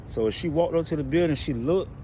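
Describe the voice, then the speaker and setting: A man casually telling a joke in a relaxed, colloquial way, recorded outdoors near traffic. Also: fairly high pitch, quick pace. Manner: relaxed, colloquial, lively delivery. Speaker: joke teller. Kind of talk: casual storytelling.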